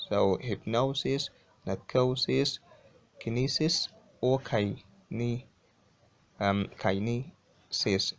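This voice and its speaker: A man with a fairly low voice gives an English pronunciation lesson at a very slow, deliberate pace. He drills each word by repeating it several times. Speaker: English teacher.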